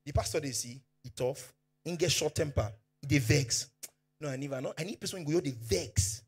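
A man with a Nigerian accent preaching a sermon as pastor, fervent, swinging from hushed to shouting, and dropping Pidgin asides. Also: a little high, moderate pace, breathy edge, soft background music.

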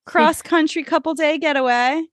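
Woman, podcast co-host, high-ish voice, animated, laughs a lot, dry close sound. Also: moderate pace, dry recording. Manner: animated storytelling with frequent laughter. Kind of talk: casual chat.

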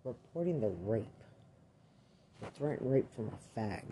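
A man's voice: medium pitch, expressive, a little slow, long pauses, warm tone, a little hiss or hum. A man and army veteran delivering an angry, accusatory rant full of swearing. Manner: furious, accusatory, swears constantly.

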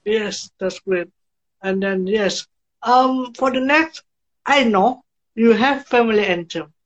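A woman hosting a podcast asks her guest questions, excited and giggly. Her voice is very high, and the audio comes through dull and lo-fi. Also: slow pace. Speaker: podcast host. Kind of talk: interview questions. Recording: dull lo-fi sound.

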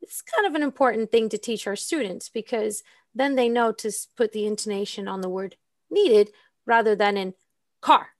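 A female English teacher explains pronunciation in an easygoing, fluent way, with frequent ums between phrases. Her voice sits at an average pitch for a woman. The recording is dry and close. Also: moderate pace, no echo. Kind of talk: casual explanatory chat.

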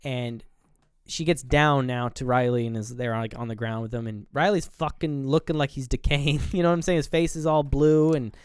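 Podcast co-host, man, smooth clear voice, dry close sound, animated scene recaps. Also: medium pitch, moderate pace, no room sound. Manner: animated retelling of scenes, acting out lines, swearing freely. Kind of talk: casual movie review chat.

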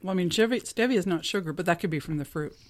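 A woman's voice: lowish voice, racing. A woman co-hosting a podcast, chatting casually and matter-of-factly while eating. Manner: relaxed, matter-of-fact, talks with mouth full. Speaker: podcast co-host. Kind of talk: casual chat while snacking.

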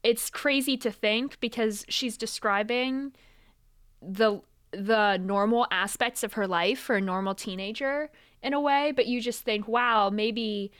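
A young woman co-hosting a podcast in casual chat, animated and laughing often, restarting her sentences as she talks. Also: fairly high pitch. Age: young adult. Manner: animated, laughs often, repeats words while starting sentences. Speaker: podcast co-host.

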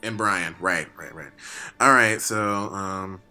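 A man's voice: sits low, slow, bright, forceful tone, faint music behind. A man co-hosting a comedy show, reading fan fiction aloud in a dry, teasing way.

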